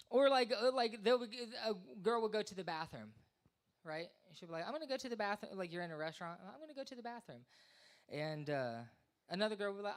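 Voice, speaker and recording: A man's voice: sits high, animated, fast. Rambling self-mocking man doing stand-up. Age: 30s. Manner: rambling, self-deprecating, acts out voices. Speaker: open mic comedian. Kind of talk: stand-up comedy. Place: small live venue.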